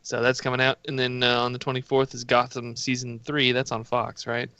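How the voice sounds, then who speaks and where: A man's voice: mid-range voice, monotone, brisk, pushed and bright, smooth, no echo. A man as a podcast guest in casual chat, hesitant, with many ums and uhs.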